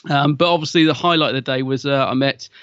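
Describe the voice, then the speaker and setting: A man's voice: medium pitch, steady tone, fast, a bit bright, clean tone, no echo. Podcast co-host, male, chatty storyteller with frequent laughs, dry, dull sound. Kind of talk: casual chat. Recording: dull, muffled audio.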